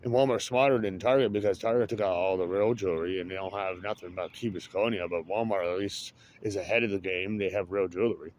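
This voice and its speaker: Rambling low-voiced man chatting outdoors. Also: fast, few pauses, darkish tone, a little hiss or hum. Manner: rambling, chuckles often. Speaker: vlogger. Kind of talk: casual chat.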